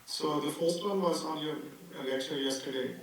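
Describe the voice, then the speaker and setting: A man's voice: a little high, moderate pace, a little hiss or hum. Man asking over a distant echoey call. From Maharashtra. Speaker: questioner. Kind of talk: asking a question. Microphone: video call.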